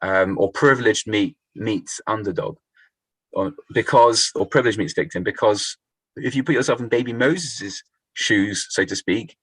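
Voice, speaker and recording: A man's voice: on the low side, moderate pace, fairly bright tone, breathy edge, no echo, rough recording. A man leading a Torah study class, thinking aloud, restarting phrases and putting questions to the group.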